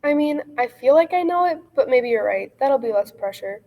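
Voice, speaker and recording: A woman's voice: high-pitched, expressive, mellow, rough recording. A woman playing a tired, overworked young actress who keeps tripping over her lines and apologizing, speaking over a video call from home. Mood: unsure. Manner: flustered, apologetic, fast self-correcting. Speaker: actress auditioning for a courtroom role. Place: home room.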